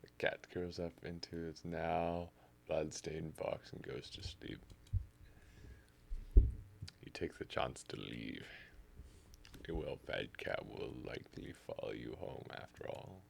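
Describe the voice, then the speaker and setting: Very deep, creaky-voiced male streamer. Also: slow, long pauses, a little hiss or hum. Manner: narrates game text in second person, with reactions. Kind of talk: reading a text game aloud live.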